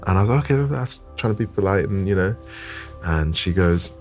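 A man's voice: deep voice, lively intonation, a little fast, soft background music. A man, a photographer telling a story thoughtfully in an interview and often repeating words as he gathers his thoughts. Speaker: photographer guest.

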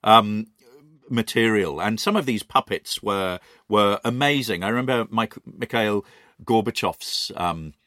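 Brit guy co-hosting, bit hesitant, bright tone, dry close sound. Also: lowish voice, a little slow, no echo. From Britain. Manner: hesitant, lots of ums and restarts. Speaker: podcast co-host. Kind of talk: casual chat.

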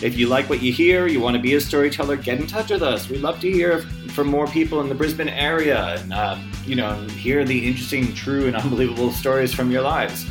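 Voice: mid-range voice, a little fast. A podcast host giving a casual closing, with ums and uhs. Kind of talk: podcast outro. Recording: guitar music behind.

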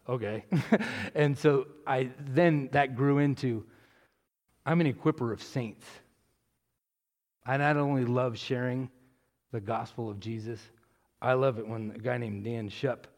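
Rambling pastor in an echoing hall. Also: male voice, mid-range voice. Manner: rambling with restarts, building to loud preaching. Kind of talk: testimony answering a question, church talk. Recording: long hall reverb.

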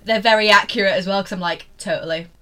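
A woman co-hosting a casual podcast, chatty and amused, quick to tease the others. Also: medium pitch, fairly even intonation, pushed and bright. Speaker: podcast co-host. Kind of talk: casual chat.

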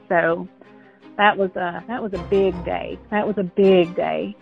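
A young adult woman telling a painful family story as an interview guest, earnest and halting, with many restarts. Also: fairly low pitch, steady tone, creaky, dull audio, faint music behind. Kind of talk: emotional personal storytelling.

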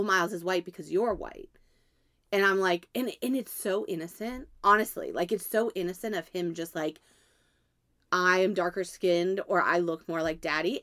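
A woman in her thirties tells a family story in a relaxed, chatty way and laughs easily. Her voice sits on the low side, and it is recorded dry and close with little room sound. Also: no room sound. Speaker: podcast co-host. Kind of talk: casual chat.

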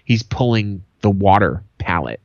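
Man, lowish voice with big swings, profane, blunt chat, slightly muffled, dry. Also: lively intonation, measured pace, a little mellow, no room sound. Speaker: podcast host. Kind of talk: casual chat.

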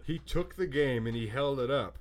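A man's voice: mid-range voice, moderate pace. A man in his twenties co-hosting a podcast, telling a story in casual chat and acting out the voices in it. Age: 20s. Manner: animated storytelling, acts out quoted voices. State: hungover. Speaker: podcast co-host.

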